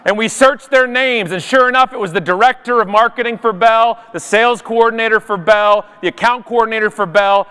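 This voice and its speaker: A man's voice: sits high, brisk, hardly any pauses, sharp tone, smooth. Punchy man in an echoing hall. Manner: sarcastic, punchy storytelling. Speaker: conference speaker. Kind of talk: comedic keynote talk. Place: large conference hall. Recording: live hall reverb.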